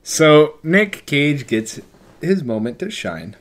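A man co-hosting a podcast, chatting casually about a movie in quick, joking bursts. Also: a little high, sing-song. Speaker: podcast co-host.

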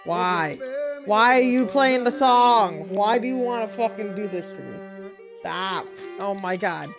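A young woman who makes gaming videos commentates on gameplay, exasperated and swearing at the screen. Her mid-range voice is a little slow, and it plays over the game audio and its music.

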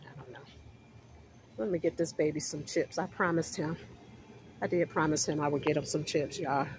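A woman's voice: low-pitched, normal speed, a little mellow, slight background noise. Breathless woman vlogging on her phone. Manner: chatty, affectionate, addresses viewers as you guys. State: out of breath from walking. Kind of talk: casual vlog chat to viewers. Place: outdoors walking, then inside a discount store. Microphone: phone held in hand.

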